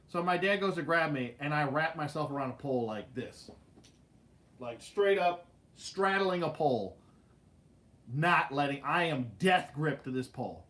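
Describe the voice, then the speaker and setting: A young man casually telling a funny childhood story, animated and laughing, acting out his family's lines. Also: a little high, normal speed. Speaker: host.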